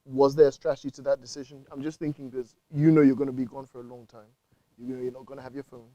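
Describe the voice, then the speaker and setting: A man's voice: medium pitch, little pitch movement, fast talker, dark tone, no echo, rough recording. A man hosting a podcast, asking brief, direct interview questions and giving short affirmations. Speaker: podcast host.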